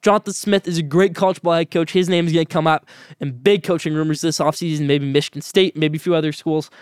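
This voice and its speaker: A young man hosting a solo sports podcast, giving blunt, opinionated rapid-fire picks. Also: on the high side, steady tone, clear, resonant tone, no echo, clean studio sound.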